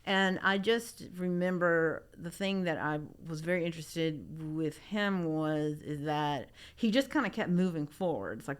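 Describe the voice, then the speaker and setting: Middle-aged woman from memphis, low voice, rambly and full of "like", chatting about art. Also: unhurried, few pauses, clear, resonant tone. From Memphis, Tennessee. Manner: rambling, many restarts and "like". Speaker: artist guest. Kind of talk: casual interview.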